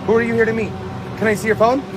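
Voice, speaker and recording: A man's voice: very high voice, little pitch movement, very fast, background noise. A man outdoors beside a car, aggressively demanding answers and mocking the person he confronts. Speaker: confronter in street footage.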